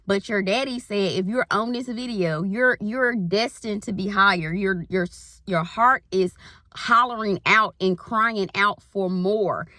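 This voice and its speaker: A woman's voice: medium pitch, unhurried, bright, forceful tone, dry recording, clean studio sound. A woman in her thirties, a spiritual life coach, giving a rambling, folksy pep talk in casual Southern slang. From Southern US countryside. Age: 30s.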